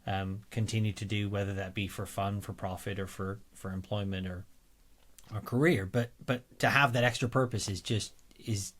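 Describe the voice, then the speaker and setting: Halting male podcast host. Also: on the low side, fairly even intonation, a bit bright. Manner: halting, repeats words while finding his phrasing. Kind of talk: interview questions, casual chat.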